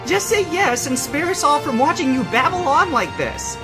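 An impatient, bossy girl, voiced by a storybook reader, loud and shrill. Soft music runs beneath. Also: animated, drawn-out words, heavily acted, rough recording. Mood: exasperated. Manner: exasperated, loud.

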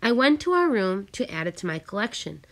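A woman narrating a storybook reading in a measured, careful way. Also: mid-range voice, very animated, fairly bright tone. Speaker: audiobook narrator.

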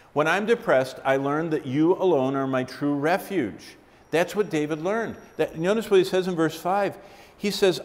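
A man preaching a sermon, swinging between loud declarations and hushed, slow asides. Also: medium pitch. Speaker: pastor. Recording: long hall reverb.

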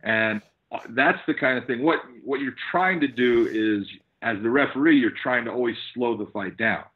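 A man, a fight referee and podcast guest, telling stories in a lively way and acting out what people said. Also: mid-range voice, moderate pace. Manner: animated storyteller acting out quotes. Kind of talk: casual podcast chat. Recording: dull lo-fi audio.

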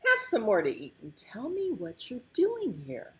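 A woman's voice: a little high, huge pitch swings, unhurried, a bit bright, pitched above the performer's own voice, full character voice. A woman voicing a brave, kind little male polar bear in a read-aloud storybook, eager and reassuring.

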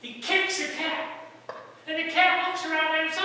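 A male pastor preaches in a folksy, storytelling way, his high voice bright and ringing. He breaks into sudden loud outbursts. The sound carries a long hall echo and comes from well away from the mic. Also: normal speed, slight background noise. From United States. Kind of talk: sermon. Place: church sanctuary. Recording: echoey hall from far off.

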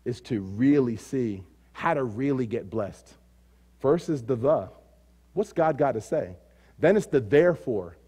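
A man preaching a sermon as pastor. He rises to loud, emphatic declarations, drops to quiet, low asides, and repeats phrases in rhythmic runs.

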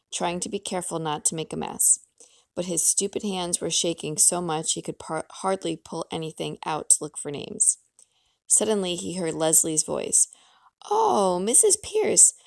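A woman reads a children's novel aloud, bringing the dialogue to life with an expressive, animated delivery. Her voice has a slight gravelly fry at the ends of phrases. The recording is dry and close, with no room sound. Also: lowish voice, no room sound. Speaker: audiobook reader. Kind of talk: storybook read-aloud.

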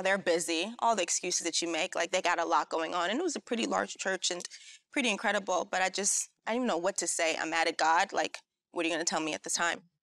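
A woman's voice: mid-range voice, a bit bright, dry recording. A woman sharing an earnest personal testimony as a talk show guest, storytelling and acting out what people said. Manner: earnest, storytelling, acts out quoted voices.

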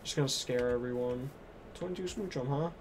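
A man streaming a game live, chatting excitably, muttering to himself and to his chat. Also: medium pitch, a little fast, noisy background. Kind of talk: live gameplay commentary.

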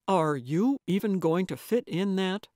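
A woman narrator lowers her voice for a weary, skeptical man who grumbles along with every scheme. His lines come slower and drier than the narration, in a close storybook reading. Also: no echo. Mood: grumbling. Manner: dry, grumbling, lower and flatter.

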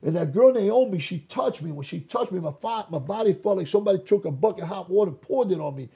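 Animated raspy-voiced man telling his story. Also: sits high, fast. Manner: animated, acts out quoted voices. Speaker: interview guest. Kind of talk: testimony storytelling.

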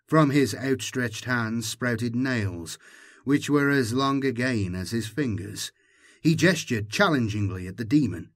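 A man narrating an audiobook in a measured, dramatic storytelling manner. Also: medium pitch. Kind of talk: scripted narration.

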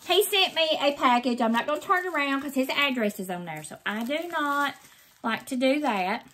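A woman's voice: sits high, lively intonation, normal speed, pushed and bright. An older woman, chatting effusively to her viewers while opening mail in a casual vlog. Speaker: craft vlogger.

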